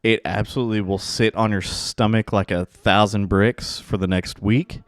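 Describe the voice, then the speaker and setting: A man hosting a casual sports podcast with his co-hosts, energetic and rambling, with frequent restarts. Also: on the low side, moderate pace, no room sound. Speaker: podcast host. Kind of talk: casual chat.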